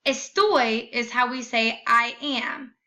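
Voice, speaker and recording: A young woman teacher giving a recorded lesson, slowly and carefully modeling each phrase. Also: on the high side, bright, forceful tone.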